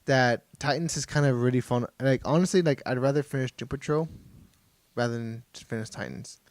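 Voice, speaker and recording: A man co-hosting a casual podcast chat, excitable and stammering, swearing at times. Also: medium pitch, a little fast, no room sound. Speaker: podcast co-host.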